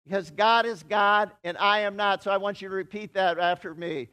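A man's voice: high voice, steady tone, normal speed, few pauses, sharp tone, smooth. A male pastor preaching a conversational sermon, leading his congregation in call-and-response.

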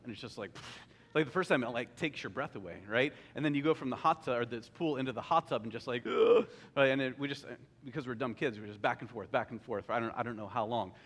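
A man's voice: on the high side, a bit bright. A man preaching a sermon in an earnest, conversational way. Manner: conversational, earnest, with sung quotes. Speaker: pastor. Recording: long hall reverb.

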